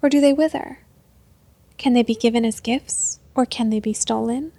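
A sly old beggar who muses in riddles, slow and half-whispered, as a woman reading a storybook puts him on. The voice has a gravelly texture. It sounds close and dry. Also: on the high side, steady tone, mellow, dry recording. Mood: musing, sly.

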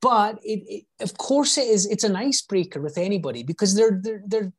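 A man's voice: high voice, a little fast, slightly rough. Reflective Scottish man. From Scotland. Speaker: guest, real estate agent. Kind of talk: casual podcast interview.

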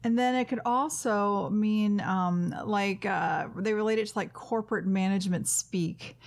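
A woman of middle pitch co-hosts a laid-back podcast. She wanders through her stories, piling up "like" and "um" as she works toward her point. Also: a little slow. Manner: rambling, many fillers. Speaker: podcast co-host. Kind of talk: casual chat.

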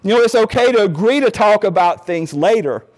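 High-voiced earnest middle-aged man. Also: lively intonation, brisk, darkish tone. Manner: earnest and conversational, acting out quoted lines to his spouse. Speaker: speaker on marriage. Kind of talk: informal talk on marriage advice.

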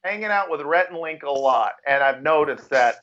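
A brash man co-hosting a podcast who swears freely and calls everyone dude. His voice sits a little high and comes through a dull, lo-fi recording. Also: expressive, normal speed, a bit bright. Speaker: podcast co-host. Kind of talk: casual chat.

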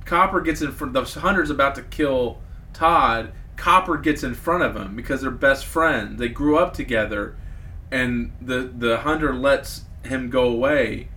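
A man's voice: medium pitch, unhurried, pushed and bright, a little hiss or hum. Chatty thirtysomething male podcast host. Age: 30s. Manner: rambling and chatty, self-mocking about getting choked up. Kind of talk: casual chat.

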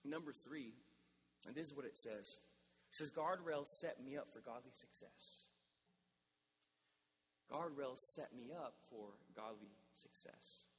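A young man delivers a sermon in a loose, conversational way, sometimes lively, sometimes dropping to a soft, close tone. His voice sits high for a man. The sound carries a long reverb from a church hall. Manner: conversational, animated, with shifts to softer intimate delivery. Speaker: pastor.

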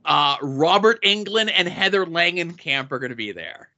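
Bright-voiced man running down guest lists. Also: fairly high pitch, sing-song, moderate pace, muffled recording. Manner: reads off guest lists with dry asides. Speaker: podcast co-host. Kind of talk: casual podcast chat.

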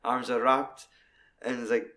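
A man talking casually about a film, swearing freely and acting out quoted lines in loud, high voices. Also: flat delivery, measured pace.

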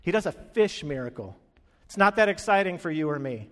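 Male preacher, slightly high voice, lively storyteller who acts out quotes, long hall reverb. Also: fairly quick. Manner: animated storytelling, acting out quoted lines. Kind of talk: sermon.

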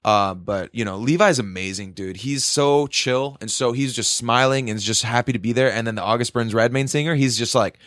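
Excitable young man, dry close sound. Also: medium pitch, fairly quick, hardly any pauses, no room sound. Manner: excitable, swearing, loud quoted outbursts. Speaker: concertgoer telling a story. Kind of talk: casual chat.

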